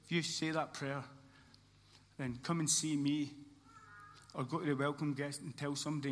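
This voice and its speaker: A man's voice: medium pitch, slight background noise. A man preaching a sermon as pastor, earnest, with a repeating emphatic cadence. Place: church hall. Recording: church hall reverb, faint ambience.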